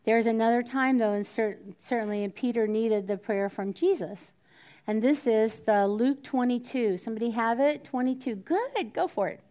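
A woman teaches a Bible study in a relaxed, conversational way. She often turns to her listeners with questions. At moments her voice sinks to a hushed whisper. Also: fairly high pitch, normal speed. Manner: conversational, drops to a whisper at times, asks the room questions.

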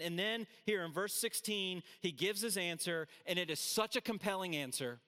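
A man's voice: high-pitched, normal speed, few pauses, pushed and bright. A man preaching a sermon to a room, earnest and emphatic, with casual asides. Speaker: pastor. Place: large room with audience. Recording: hall reverb.

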